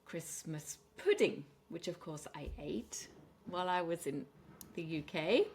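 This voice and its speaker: A woman teaching English pronunciation and word stress, speaking clearly and deliberately, slowing down on the example words. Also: lowish voice, slight background noise. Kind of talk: pronunciation lesson.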